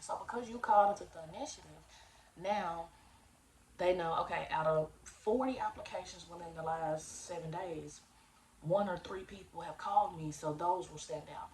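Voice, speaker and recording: A woman's voice: fairly low pitch, normal speed, a little mellow, recorded from a distance, slight background noise. A young woman giving casual, slangy job-search advice in a chatty way, acting out phone calls as she goes.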